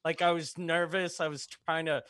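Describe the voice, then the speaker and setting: A comedian in a casual podcast chat, telling self-mocking, profane stories. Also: male voice, on the high side, little pitch movement, normal speed, a bit bright, no room sound, studio quality.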